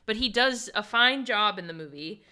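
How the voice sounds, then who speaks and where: A young woman co-hosting a casual chat, talking fast and emphatically like a devoted fan. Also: medium pitch, animated, sharp tone. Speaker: podcast co-host.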